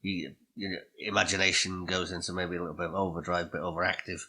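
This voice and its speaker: Deep-voiced man with a bright edge. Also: little pitch movement, fast, breathy edge. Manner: chatty, agreeable, asks questions. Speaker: podcast co-host. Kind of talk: casual chat.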